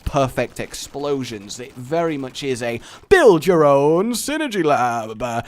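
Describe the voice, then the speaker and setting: A man's voice: medium pitch, animated, measured pace. A young English man hosting a gaming video, telling a rambling, jokey story while he plays. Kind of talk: let's play commentary.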